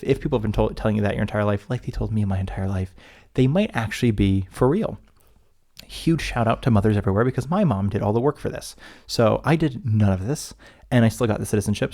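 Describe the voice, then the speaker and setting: Chatty podcast guy, fast and kinda gravelly, keeps cutting himself off mid-thought. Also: lowish voice, darkish tone. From United States. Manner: rambling, self-interrupting, chatty. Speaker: podcast co-host. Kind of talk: casual podcast chat.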